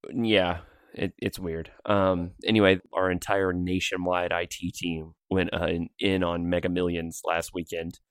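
A man with a low, deep voice chats loosely as a podcast co-host, laughing often between rambling asides. The mic sits close and the sound is dry, with no room around it. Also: flat delivery, a little slow, clean tone, no room sound. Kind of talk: casual podcast chat. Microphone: pop filter mic.

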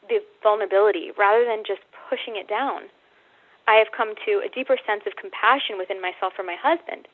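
A woman's voice: medium pitch, no room sound. Woman on a tinny phone line. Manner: candid and earthy, acts out her own inner voice. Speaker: guest author. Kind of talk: casual storytelling.

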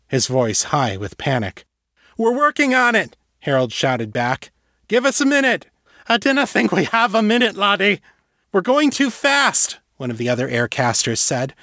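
A man reading a fantasy story aloud in a steady, measured narration. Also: mid-range voice, dry recording, clean studio sound. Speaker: audiobook narrator.

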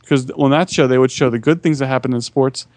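A man co-hosting a podcast, chatting casually in an earnest way with halting restarts. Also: medium pitch, fairly even intonation, a little mellow. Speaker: podcast co-host. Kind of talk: casual chat.

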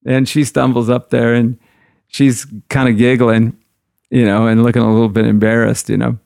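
A man's voice: mid-range voice, level tone, moderate pace, gravelly, darkish tone, no echo, clean studio sound. A man, a guitarist, telling rambling stories from the road in a loose, conversational way. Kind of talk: anecdotal storytelling.

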